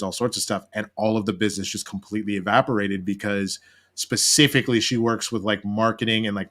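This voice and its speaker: Bright-voiced Texan man telling stories. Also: on the low side. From Texas. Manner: animated storyteller, casual and profane. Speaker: actor and guest. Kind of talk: casual chat on a video call.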